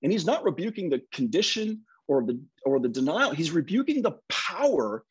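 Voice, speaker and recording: A middle-aged male minister preaching in a relaxed, storytelling way. His voice is husky and fairly high for a man, and its pitch swings widely as he talks. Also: normal speed. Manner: conversational storytelling. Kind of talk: sermon.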